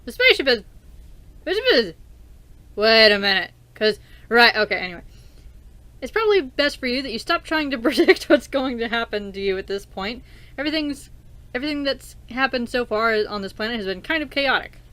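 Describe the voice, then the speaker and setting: Giggly, high-voiced woman reading a game. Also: brisk, no room sound. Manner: giggly, excitable, chatty. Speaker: let's play host. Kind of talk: reading game text aloud with commentary.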